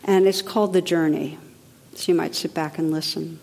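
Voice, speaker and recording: A woman meditation teacher giving a spiritual talk in a gentle, reflective, unhurried way with soft drops in her voice. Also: low-pitched, steady tone, vocal fry. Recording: long reverb of a large hall.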